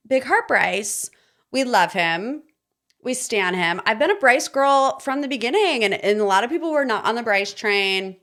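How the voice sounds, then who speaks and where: A woman's voice: on the high side, moderate pace. Opinionated young woman recapping reality TV. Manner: opinionated, sarcastic, animated retelling. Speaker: podcast host.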